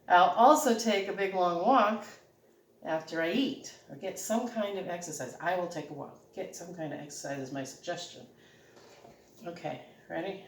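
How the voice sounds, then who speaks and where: A woman's voice: on the low side, lively intonation, normal speed. A middle-aged woman with a regional American accent, chatting casually and laughing now and then as she cooks at home. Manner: chatty, homey, laughs often while talking. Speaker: home cooking channel host. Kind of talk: casual cooking demonstration. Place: home kitchen. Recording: echoey kitchen, mic at a distance. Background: clatter of dishes and cutlery.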